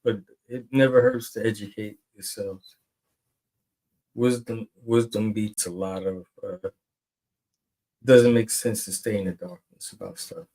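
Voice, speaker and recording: A man's voice: lowish voice, fairly even intonation, a little slow, pauses often, mellow, rough recording. A man co-hosting a podcast, rambling and teasing in casual chat. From New York. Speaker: podcast co-host.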